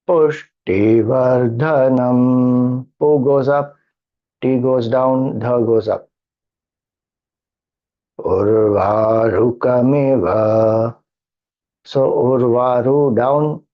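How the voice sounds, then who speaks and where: A man with an Indian English accent teaches Vedic chanting, speaking slowly and patiently in a mid-range voice. He walks through the notation syllable by syllable. The audio sounds dull and lo-fi. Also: medium pitch. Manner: slow, patient, explanatory with demonstrated chants. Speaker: spiritual teacher.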